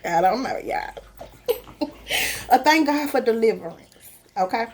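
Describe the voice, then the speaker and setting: A woman's voice: a little high, animated, slow, darkish tone, slight background noise. A woman sharing a personal story in a casual, emotional way, laughing often and speaking directly to her listeners.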